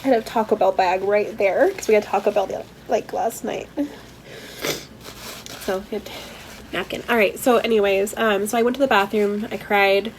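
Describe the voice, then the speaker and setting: A woman's voice: mid-range voice, steady tone, normal speed, a little hiss or hum, poor audio. Teary woman recounting a hard story. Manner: candid, emotional, rambling with fillers. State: teary, holding back tears; stuffy from a head cold. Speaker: vlogger. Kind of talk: personal vlog storytelling.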